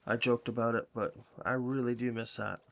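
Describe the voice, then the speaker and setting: A man's voice: medium pitch, flat delivery, normal speed, vocal fry, fairly bright tone. A man from Salem, chatting casually and swearing freely while commenting on his game. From Salem, Massachusetts. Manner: rambling, profane, chatty. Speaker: gaming channel host.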